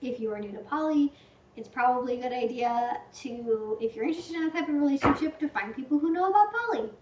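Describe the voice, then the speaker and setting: A woman's voice: high voice, expressive, quick pace, darkish tone. A woman hosting a casual livestream Q&A, talking in a chatty, rambling way with lots of "like" and playful hyperbole. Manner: chatty, rambling, heavy use of "like", fond of hyperbole. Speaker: channel host answering viewer questions. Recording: echoey room, distant muffled mic.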